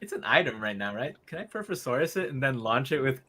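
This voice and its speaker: A man playing in a tabletop game, excitable and quick to laugh. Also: mid-range voice, crowd noise. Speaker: player. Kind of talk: casual tabletop play.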